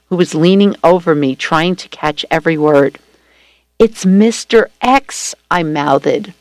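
Smooth-voiced woman reading a story. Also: lowish voice, dry recording. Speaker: story reader.

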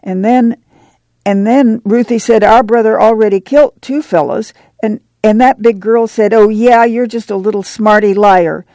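A woman reader voicing an excited small farm boy with a breathless rural drawl. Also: mid-range voice, a little slow, creaky, no echo.

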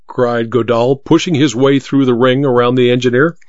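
A man narrating an audiobook in an expressive storytelling manner. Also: medium pitch, moderate pace, hardly any pauses, no echo, lo-fi sound.

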